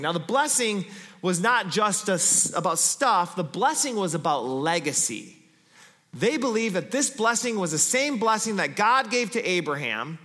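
Man, pastor, sermon, storytelling delivery, bright tone, fairly high voice, long hall reverb. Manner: storytelling preacher, drops softer and slower when reading scripture.

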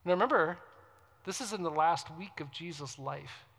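A man preaching a sermon as a pastor. He is emphatic, swings between loud declaiming and soft asides, and often asks the congregation questions. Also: fairly high pitch, normal speed, creaky.

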